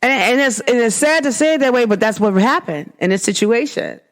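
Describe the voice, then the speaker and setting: Woman podcaster going off in a casual rant, higher voice, swings up and down a lot. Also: brisk. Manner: emphatic, animated storytelling with rhetorical questions. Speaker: podcast host. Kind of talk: casual monologue.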